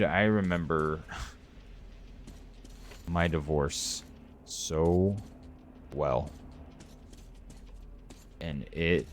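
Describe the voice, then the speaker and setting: A man's voice: a bass voice, slight background noise. A man in his thirties chatting on a live game stream, earnest and openly emotional, rambling as he talks to his viewers. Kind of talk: casual live-stream chat.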